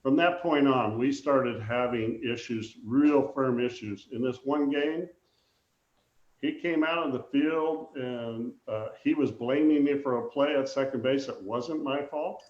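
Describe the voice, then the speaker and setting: An older man, a former ballplayer, telling animated stories in a casual interview, acting out the voices he quotes. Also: mid-range voice, unhurried, reverberant, lo-fi sound. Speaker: guest, former baseball player.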